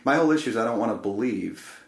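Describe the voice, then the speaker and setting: A man telling a personal story in a reflective, casual conversation, speaking haltingly, often repeating words. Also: on the low side, lively intonation, gravelly. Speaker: podcast guest. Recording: roomy echo.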